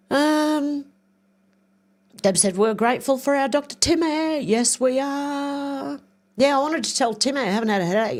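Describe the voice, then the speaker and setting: An older woman chats on her livestream in a loose, rambling way. She reads viewer comments aloud and thinks out loud while she clicks around. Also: mid-range voice. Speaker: livestream host. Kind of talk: casual livestream chat reading viewer comments.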